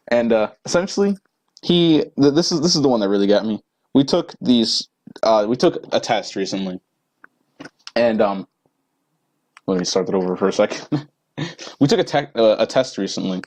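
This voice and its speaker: Fast-talking teen guy ranting. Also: on the low side, animated, darkish tone, rough recording. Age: teens. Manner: rambling, profane, lots of fillers. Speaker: vlogger. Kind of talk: casual rant to camera.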